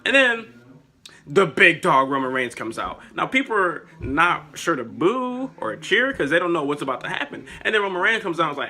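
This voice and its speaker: Excitable, bright-voiced young man. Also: fairly high pitch, normal speed. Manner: excitable, profane, rambling. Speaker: wrestling vlogger. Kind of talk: casual chat.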